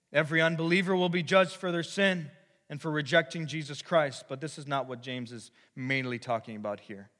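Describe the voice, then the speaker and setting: A man preaching a sermon as pastor, asking the congregation rhetorical questions and swinging from quiet intensity to shouted peaks. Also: mid-range voice. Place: church sanctuary. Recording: long reverb of a large hall.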